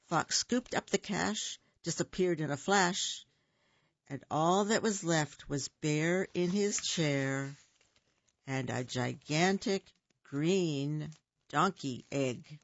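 Radio reading host, woman, slow clear expressive storyteller, close dry studio sound. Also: sits low, dry recording. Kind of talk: reading a children's picture book aloud. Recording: dull dry studio recording.

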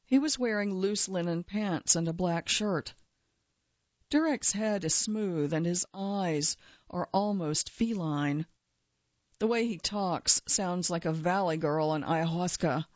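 A woman's voice: on the low side, slow, no echo, muffled recording. A woman journalist telling a first-person feature story in a wry, dry way. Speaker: journalist narrator.

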